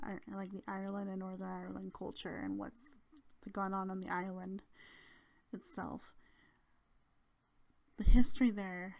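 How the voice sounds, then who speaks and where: A woman's voice: medium pitch, a little mellow. A young woman hosting her channel, chatting casually and giggling through travel stories. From Canada. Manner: chatty and giggly, with many fillers. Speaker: channel host.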